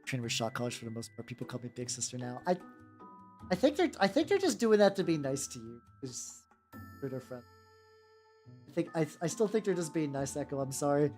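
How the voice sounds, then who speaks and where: This young adult streamer from the US speaks in a deep, very animated, slightly mellow voice, fairly quickly. She paints miniatures as a VTuber and chats casually, restarting often, using fillers and swearing casually, while faint music plays.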